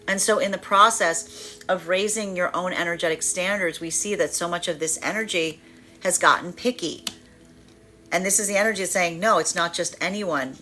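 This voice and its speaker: Bright-voiced woman giving a tarot reading. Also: on the low side. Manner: animated, acts out quoted inner voices with fillers and laughs. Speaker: tarot reader.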